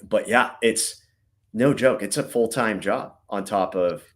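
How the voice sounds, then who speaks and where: A man's voice: on the low side, a little slow. A man, a guest on a podcast, explaining his old job in loose, rambling talk that keeps checking in with "right?". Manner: rambling, filler-heavy, keeps adding "right?". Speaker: guest, former intelligence officer. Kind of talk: casual interview chat.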